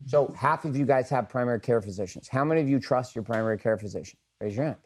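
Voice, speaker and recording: A man's voice: medium pitch, quick pace, a little mellow, slight background noise. Blunt, profane middle-aged man addressing a room. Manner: asks the room questions and polls for raised hands. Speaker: speaker leading a group session. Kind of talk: candid motivational talk to a group.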